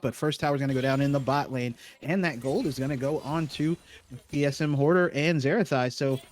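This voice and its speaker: A man casting an esports match with chatty, joking play-by-play that often corrects itself. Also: a little high. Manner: chatty, self-correcting, jokey. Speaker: esports caster. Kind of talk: play-by-play commentary.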